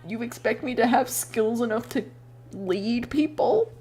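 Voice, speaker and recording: A woman's voice: on the high side, measured pace, warm tone. A woman in her twenties chatting casually while drawing on stream, rambling, swearing freely and laughing often.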